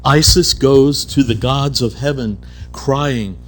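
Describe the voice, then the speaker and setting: At a conference hall keynote, a man tells mystical stories and acts out their characters in a spiritual storytelling lecture. His mid-range voice moves slowly over soft background music.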